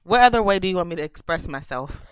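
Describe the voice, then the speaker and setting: A woman's voice: fairly low pitch, expressive, fast talker, clean tone, no room sound. A woman co-hosting a podcast, chatting casually with playful, teasing asides. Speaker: podcast co-host. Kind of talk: casual chat.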